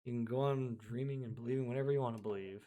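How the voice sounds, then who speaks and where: A man's voice: medium pitch, racing, dark tone. A man delivering a profane, scornful ranting monologue, emphatic and breaking into frequent laughter. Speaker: video creator.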